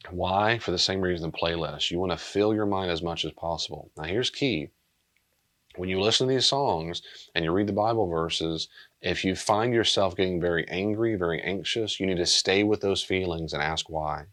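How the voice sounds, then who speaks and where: Male pastor, middle-aged, deep voice, earnest and plain-spoken, subdued delivery. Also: moderate pace, fairly bright tone. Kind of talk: pastoral teaching talk.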